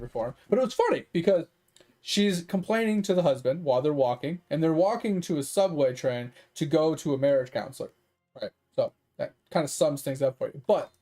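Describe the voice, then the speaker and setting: A man's voice: on the high side, mellow. A man streaming games, ranting casually and profanely to his chat. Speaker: game streamer.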